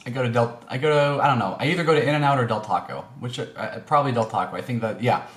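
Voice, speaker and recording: A man's voice: mid-range voice, fast, a bit bright. Rambling man in an echoey room. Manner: rambling, many fillers and restarts. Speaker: vlogger. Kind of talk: casual storytelling. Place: indoor room. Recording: echoey room, faint noise.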